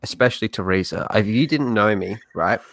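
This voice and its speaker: A man's voice: fairly low pitch, brisk, vocal fry, fairly bright tone, dry recording. A man with an Australian accent in casual chat, cocky and joking, swearing freely as a co-host. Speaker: podcast co-host.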